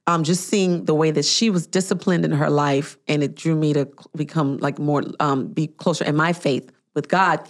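Woman telling a lively story. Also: low voice, moderate pace, few pauses. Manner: animated storytelling, acting out quoted people. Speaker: podcast host. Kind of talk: casual chat.

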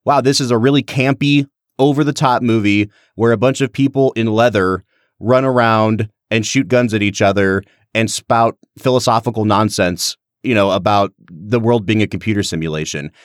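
A man's voice: lowish voice, normal speed, no room sound. Chatty man discussing a movie, dry sound. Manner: animated, talks in long run-on thoughts. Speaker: podcast co-host. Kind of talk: casual film discussion.

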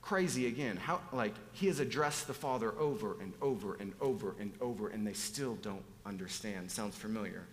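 A man preaching a sermon, animated and emphatic, swinging between loud exclamations and hushed asides. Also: lowish voice, moderate pace, few pauses, big-room sound.

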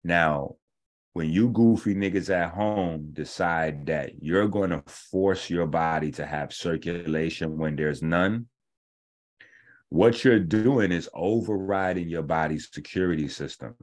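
Man, very low voice, blunt profane rant, casual commentary, explains step by step. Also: unhurried. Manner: blunt and profane, lecturing emphatically. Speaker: host of a natural health show.

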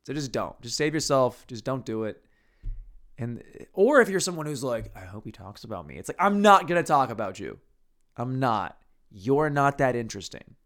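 A man's voice: medium pitch, sing-song, normal speed, fairly bright tone. A man hosting a podcast alone, rambling crudely in a casual monologue with mumbles and restarts, on a podcast mic. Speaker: podcast host. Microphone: podcast microphone.

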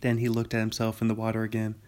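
A calm man reading an audiobook in a flat voice. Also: on the low side, fast. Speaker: narrator. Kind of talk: audiobook narration.

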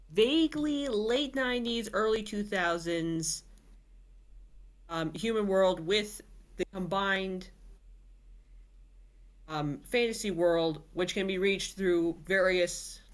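A woman podcast host reading a novel aloud, with chatty asides and filler words. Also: on the low side. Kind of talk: casual storybook reading.

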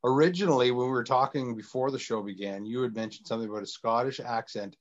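A man co-hosting a podcast, teasing his co-host in casual banter and talking fast in bursts. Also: mid-range voice. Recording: dull lo-fi sound.

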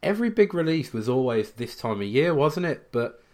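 Here a podcast co-host spins loose, rambling stories during casual chat, peppered with fillers and restarts. He has a mid-range, sing-song voice and keeps a moderate pace.

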